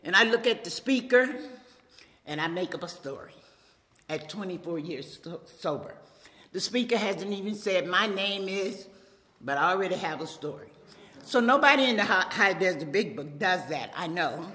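A woman's voice: fairly low pitch, lively intonation, normal speed, a bit bright. Joking Southern woman in a hall. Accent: Louisiana Southern. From Louisiana. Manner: chatty, joking with the crowd. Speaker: speaker at a recovery meeting. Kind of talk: personal testimony talk. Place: meeting hall, at a podium. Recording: reverberant hall.

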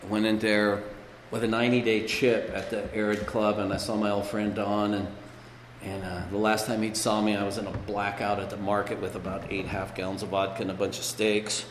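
A man's voice: on the low side, level tone, a little fast, slight background noise. A man giving a personal recovery testimony at a meeting, a rambling storyteller who leans on "you know". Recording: echoey hall with long reverb.

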